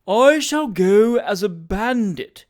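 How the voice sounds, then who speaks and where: A reader doing a touchy, declaiming plump gentleman. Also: medium pitch, lively intonation, takes it slowly, pitched above the performer's own voice. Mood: indignant. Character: plump, touchy older gentleman, quick to offence. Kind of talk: audiobook character reading.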